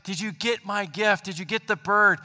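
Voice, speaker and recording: A man voicing a homesick young man in a sermon story, earnest and excited. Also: high voice, normal speed, long reverb tail, faint music behind.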